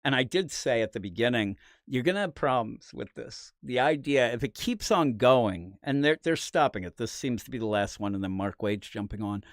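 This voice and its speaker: A man's voice: medium pitch, expressive, normal speed, few pauses, no room sound, studio quality. A man hosting a casual comic book review podcast, telling stories in a fired-up way and mocking people with quoted voices. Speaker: podcast host.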